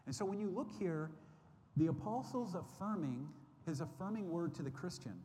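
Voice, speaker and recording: A man's voice: sits high, expressive, normal speed, dark tone. A man teaching a Bible study class, earnest and repetitive, often restarting his sentences with fillers. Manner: earnest, repeats phrases, many fillers and restarts. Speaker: Sunday school teacher. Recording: roomy hall with faint background noise.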